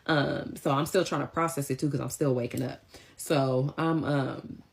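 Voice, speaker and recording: Deep-voiced woman telling an animated story. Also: normal speed, gravelly. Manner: animated, slangy, emphatic. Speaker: vlogger. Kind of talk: casual storytelling.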